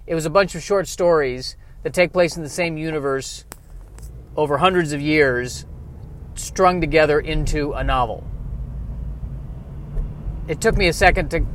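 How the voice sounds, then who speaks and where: A man in his thirties or forties talking in a loose, rambling way, stopping and restarting often, with self-deprecating humor. His voice sits a little high, and faint outdoor traffic hum runs underneath. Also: normal speed, long pauses, fairly bright tone. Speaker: podcaster. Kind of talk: rambling casual monologue.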